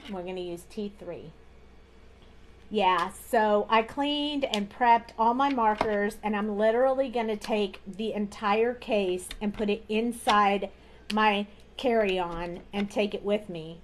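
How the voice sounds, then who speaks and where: A woman's voice: medium pitch, takes it slowly, slight background noise. A woman hosting a live card-making tutorial, chatting casually as she talks through each coloring step at her craft desk.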